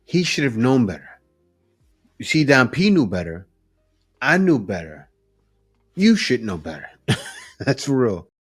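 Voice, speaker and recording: A man's voice: mid-range voice, sing-song, a little slow, pauses often, slightly rough, soft background music. A man hosting a reaction video, giving blunt, emphatic commentary with chuckles.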